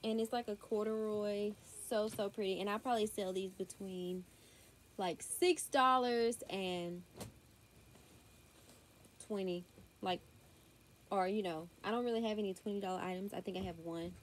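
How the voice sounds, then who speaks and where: A woman's voice: medium pitch, fairly even intonation, normal speed, long pauses. Young southern woman chatting about baby clothes, says y'all a lot, recorded on a tablet, faint hiss. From Southern United States. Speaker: vlogger. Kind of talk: casual haul video. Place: home room. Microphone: tablet built-in mic.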